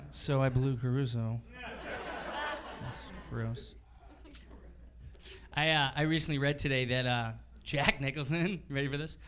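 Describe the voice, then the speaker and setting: A man's voice: medium pitch, unhurried, pauses often. A young adult man performing stand-up comedy on a club stage with a handheld mic, acting out characters and swearing. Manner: energetic, acts out characters, swears. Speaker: stand-up comedian and show host. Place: comedy club stage before a live audience.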